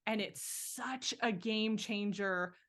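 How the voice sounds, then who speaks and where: A woman's voice: mid-range voice, takes it slowly, a bit bright. A woman hosting a career podcast, speaking in an enthusiastic, upbeat way. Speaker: podcast host and career coach. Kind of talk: podcast interview.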